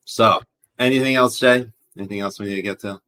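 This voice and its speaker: A man's voice: on the low side, moderate pace, pushed and bright. A man co-hosting a casual podcast, swearing freely and reading out viewer questions in a loose, rambling way. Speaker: podcast co-host.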